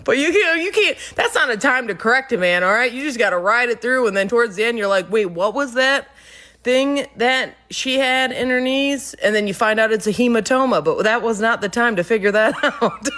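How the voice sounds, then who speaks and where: A woman's voice: on the high side, fast talker, hardly any pauses. A woman who manages a workplace, telling comic stories about her employees, often laughing mid-sentence and swearing freely. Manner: animated. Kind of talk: comedic storytelling monologue.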